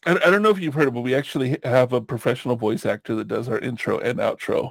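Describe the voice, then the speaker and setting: A man's voice: medium pitch, quick pace, creaky, no echo. A man hosting a podcast, chatting casually in a rambling way, with lots of fillers and easy laughs. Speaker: podcast host.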